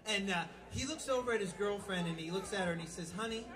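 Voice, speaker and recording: A man's voice: high voice, quick pace. A man telling crude jokes in a rambling live stand-up set. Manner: rambling, crude, loose storytelling. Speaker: stand-up comedian. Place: small live venue with music. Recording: live club recording with crowd and music. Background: music and audience noise.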